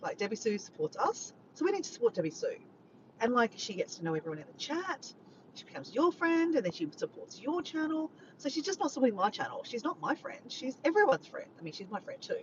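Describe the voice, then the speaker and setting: A woman's voice: on the high side, sing-song, fast, muffled recording, noisy background. An Australian woman chatting casually with her viewers while driving, filmed on a phone. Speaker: vlogger. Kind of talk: casual chat to a live chat. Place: in a car. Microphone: phone camera.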